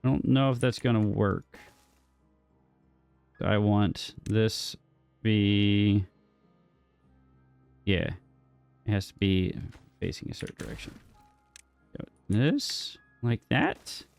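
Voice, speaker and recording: A lower-voiced man talks through his game at an unhurried pace, with a gravelly edge to his voice. He thinks aloud, cracks small jokes and chats to the game as if it could answer. The sound is dry and close, with no room around it. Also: animated, darkish tone, no room sound, soft background music. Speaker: gaming streamer. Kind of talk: casual gameplay commentary.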